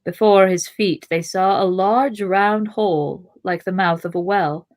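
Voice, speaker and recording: A woman podcast host reading a fantasy novel aloud, with expressive narration and chatty asides. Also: mid-range voice, a little slow.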